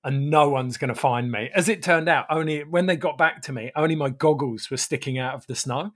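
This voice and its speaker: A man calmly telling a casual story in a matter-of-fact way, often dropping into quiet asides. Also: fairly high pitch, brisk.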